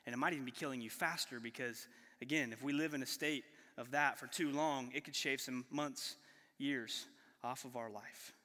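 A man's voice: mid-range voice, fairly even intonation, normal speed, bright, forceful tone, in a large hall. A man pastor preaching a sermon in a conversational way, putting rhetorical questions to the congregation. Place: church sanctuary.

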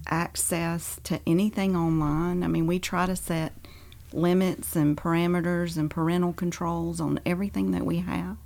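Low, gravelly-voiced woman chatting candidly. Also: level tone, normal speed, hardly any pauses, a little mellow. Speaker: pastor's wife. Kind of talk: casual conversation.

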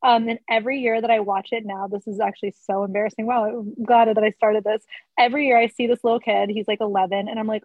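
A woman in casual podcast chat, animated and self-deprecating, with many filler words. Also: medium pitch, quick pace, no room sound, phone-quality sound.

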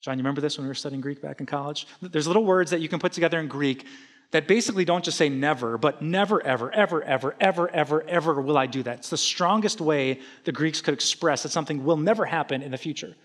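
A middle-aged man preaching a sermon, lively, casual and joking with his listeners. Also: on the high side, quick pace. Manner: energetic, conversational, humorous. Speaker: pastor.

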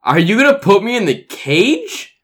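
A man's voice: high-pitched, wildly swooping pitch, moderate pace, fairly bright tone. A man playing a tabletop role-playing game, talking in character in a sarcastic, swearing way. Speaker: player.

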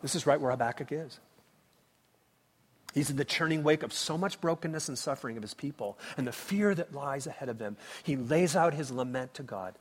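A man preaching a sermon as pastor, impassioned, swinging between loud cries and hushed tones. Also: mid-range voice, a little fast. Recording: long reverb of a large hall.

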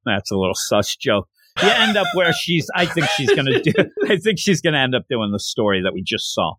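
Animated man recapping a manga. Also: medium pitch, a little fast, no echo, clean studio sound. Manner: animated, acts out characters' lines while recapping. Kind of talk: casual manga recap chat.

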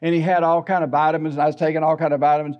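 Folksy older pastor, high voice. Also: male voice, level tone, very fast, dull audio. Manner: folksy storytelling, humorous and candid. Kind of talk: sermon.

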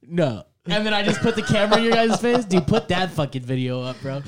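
A man's voice: high voice, expressive, fairly quick, crowd noise. A man, co-hosting a podcast. He rambles through wild stories, swearing and laughing as he goes. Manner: rambling, laughing mid-story, heavy swearing. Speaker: podcast co-host. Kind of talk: casual storytelling chat. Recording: podcast studio before a live audience.

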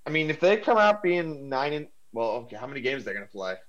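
A man's voice: mid-range voice, big pitch swings, fairly bright tone. Exasperated young man, dull lo-fi sound. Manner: exasperated, quick comebacks. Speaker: podcast co-host. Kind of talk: casual sports chat. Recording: dull, lo-fi line.

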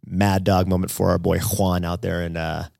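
A deep, gravelly male voice comes through at a moderate pace in a dry, clean studio recording. He's a podcast co-host spinning casual, animated stories and acting out what people said.

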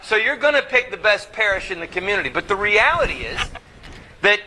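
A man's voice: high voice, very animated, brisk, heavy background noise. A man giving an impassioned speech to a live audience, preaching and firing rhetorical questions at the crowd. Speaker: activist speaker.

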